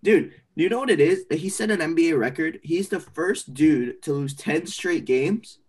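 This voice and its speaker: A man co-hosting a casual sports podcast, opinionated and animated, often trailing off into fillers. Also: fairly high pitch, moderate pace, slightly rough. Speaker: podcast co-host.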